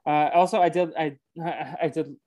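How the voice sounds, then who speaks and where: Halting man recapping a movie. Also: fairly high pitch, steady tone, darkish tone. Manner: halting, full of ums and restarts. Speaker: podcast co-host. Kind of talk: casual movie recap chat.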